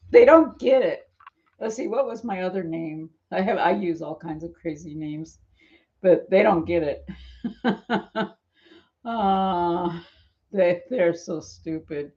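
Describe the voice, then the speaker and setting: An older woman of seventy talks in a loose, rambling way, slightly low in pitch. She laughs often and slips into the voices of the people she quotes. The recording is dull and lo-fi, as if from a cheap home setup. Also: slow pace, long pauses, mellow. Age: 70s. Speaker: channel host. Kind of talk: rambling live-stream chat. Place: at home in bed.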